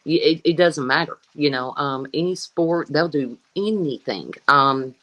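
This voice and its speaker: A woman's voice: sits low, expressive, measured pace, a bit bright, muffled recording. Blunt, folksy woman dog breeder. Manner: folksy, blunt, swears freely. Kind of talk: casual interview talk.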